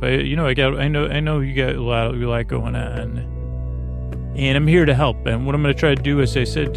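Creaky, rambling bedtime podcast man. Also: medium pitch, fairly quick, over music. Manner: meandering, self-interrupting, deadpan jokes. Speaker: podcast host.

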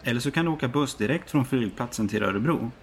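A man playing a helpful airport information desk clerk who talks fast in a scripted practice dialogue. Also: mid-range voice, expressive, a little hiss or hum, natural voice. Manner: fast, matter-of-fact helpfulness.

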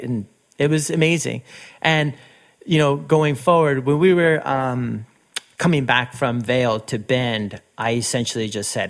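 A middle-aged man whose first language is Spanish, telling stories as a podcast guest in a lively, casual way, acting out quoted voices. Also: mid-range voice, unhurried. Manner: animated, acts out quoted voices with laughs. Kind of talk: casual storytelling interview.

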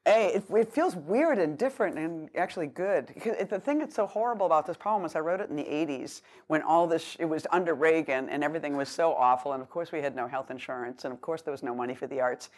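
Boston-accented woman poet reading aloud. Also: low voice. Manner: declaims poems, then chats in a halting, rambling way full of "like" and "um". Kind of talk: live poetry reading with chat between poems.

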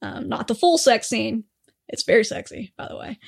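A woman's voice: a little high, normal speed, gravelly, breathy edge. A woman co-hosting a podcast in a chatty, rambling way, swearing freely. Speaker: podcast co-host. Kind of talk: casual chat.

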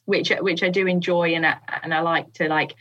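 A woman's voice: fairly low pitch, little pitch movement, brisk, fairly bright tone, highs cut off, a little hiss or hum. A woman guest on a podcast, chatting casually with frequent laughs and fillers. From England. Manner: giggly, hesitant with fillers. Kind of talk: casual chat.

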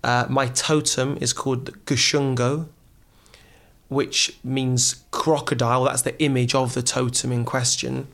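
A man's voice: medium pitch, flat delivery, a little slow, vocal fry, a bit bright. A man from England, a TV presenter, talking as a podcast guest in an earnest, reflective storytelling manner. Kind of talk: conversational interview.

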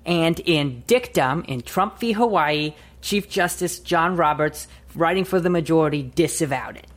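A man co-hosting a casual podcast, playing along in a trivia round. He sounds eager and sure of himself and answers quickly. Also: fairly high pitch. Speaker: podcast co-host and trivia contestant.

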